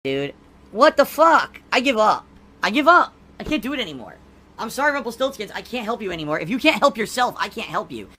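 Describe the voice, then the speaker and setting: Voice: mid-range voice, very animated, fairly quick, bright, forceful tone. A streamer in a played clip, exasperated and frustrated while moderating the chat.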